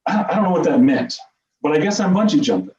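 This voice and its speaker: A middle-aged man telling a personal story to a meeting audience, animated, with self-deprecating humor. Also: on the high side, fast, a little hiss or hum. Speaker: speaker at a meeting. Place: meeting room. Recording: echoey, distant, dull room sound.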